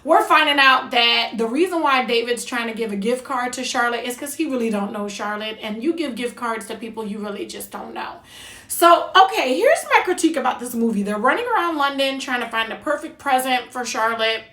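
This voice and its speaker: Sassy, bright-voiced woman reviewing movies. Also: on the high side, lively intonation, fairly quick, reverberant. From New Jersey. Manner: sassy, blunt, chatty. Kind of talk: casual review monologue.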